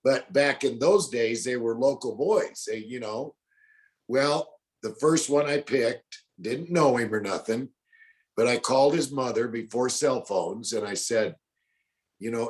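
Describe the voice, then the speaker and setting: This interview guest, a man in his sixties, has a drawl and a mid-range voice, and he takes his time. His casual, folksy storytelling includes acting out what other people said.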